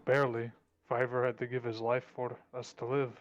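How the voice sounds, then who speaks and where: A man's voice: mid-range voice, little pitch movement, moderate pace, highs cut off. Easygoing man playing a tabletop game. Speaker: player.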